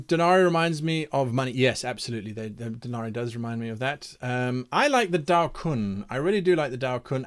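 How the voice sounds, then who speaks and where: As game master of a streamed campaign-planning session, a man reads out what viewers suggest and thinks through it aloud, hesitating and echoing names to try them. His voice sits at a medium pitch.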